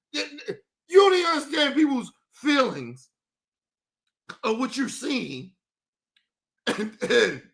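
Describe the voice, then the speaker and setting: High-voiced man cackling through mocking commentary. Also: vocal fry, bright, forceful tone. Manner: laughing constantly, profane, mocking; slangy casual speech, addresses viewers as people. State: crying with laughter. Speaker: streamer reacting to news clips. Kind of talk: livestream reaction commentary.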